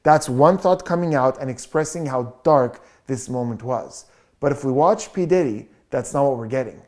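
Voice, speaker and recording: A body language analyst giving a measured, explanatory video commentary as the regular host. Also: mid-range voice, darkish tone. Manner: explanatory, measured, repeats "just a little bit".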